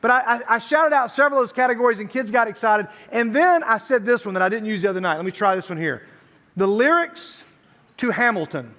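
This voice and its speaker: A man's voice: extremely high pitch, pushed and bright. A man from Tennessee giving a youth sermon, chatty and storytelling, with self-deprecating asides. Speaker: youth pastor.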